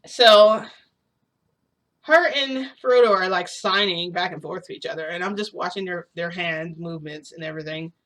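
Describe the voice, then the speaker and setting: Young woman, low voice, casual storytelling, chatty, rambling. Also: moderate pace, a bit bright. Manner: rambling, filler-heavy, chatty.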